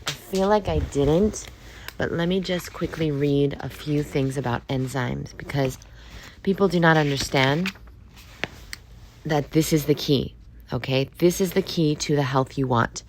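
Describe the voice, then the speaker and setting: A woman hosts a casual solo podcast in a very low voice, deeper than usual because she has just woken up. She speaks in an upbeat, encouraging way and keeps checking in with "okay?" and "all right?". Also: a little slow, noisy background. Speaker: podcast host.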